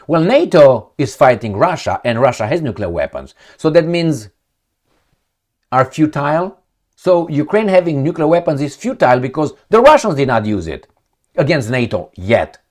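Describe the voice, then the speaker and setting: A man giving blunt, sarcastic political commentary, mocking and jabbing, then dropping into muttered asides. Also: mid-range voice. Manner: animated, swings between loud jabs and muttered asides. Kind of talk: casual commentary vlog.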